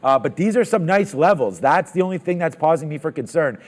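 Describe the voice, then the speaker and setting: A man hosts a live market stream and talks through each trade as it happens. His voice sits a little high for a man, and his delivery stays excitable and off the cuff. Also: brisk. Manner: excited, thinking aloud about trades. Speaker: trading show host. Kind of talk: live trading commentary.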